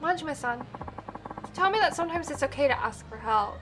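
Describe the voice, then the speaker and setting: A woman's voice: sits high, lively intonation, a little fast, over music, pitched above the performer's own voice. Woman reading as an earnest young game heroine.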